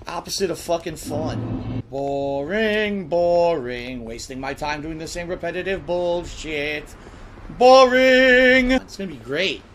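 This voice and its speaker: A gaming streamer gives live gameplay commentary, ranting with profane frustration and heavy sarcasm. His voice sits a little high, and there's noise in the background.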